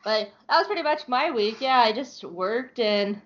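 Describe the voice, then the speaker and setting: A woman's voice: on the high side, lively intonation, moderate pace, a bit bright. A woman co-hosting a podcast, chatting casually about a cartoon series, chatty with frequent laughs and fillers. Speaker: podcast co-host. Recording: dull lo-fi sound.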